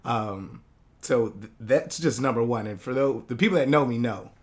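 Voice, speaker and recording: A man's voice: mid-range voice, lively intonation, moderate pace. Reflective man, casual guest chat. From Hawaii. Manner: reflective, searching for words, slangy. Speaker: podcast guest. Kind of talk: casual conversation.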